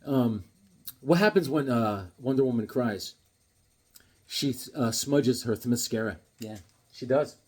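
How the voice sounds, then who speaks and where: A man in his fifties showing off his comic books in a casual joking vlog, acting out voices with sudden loud outbursts. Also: medium pitch, measured pace, long pauses, slightly rough.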